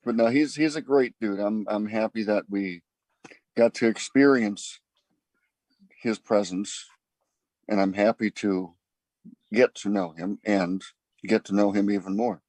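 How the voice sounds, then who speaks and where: A band member in an easygoing interview, telling a story in a relaxed, halting way. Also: male voice, lowish voice, dry recording, poor audio. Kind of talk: casual interview chat.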